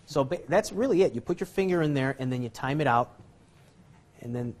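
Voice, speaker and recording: Speaking fast and expressively at a medium pitch, a man demonstrates card magic in a laid-back tutorial. His delivery rambles, leans on self-deprecating humor, and is punctuated by frequent chuckling.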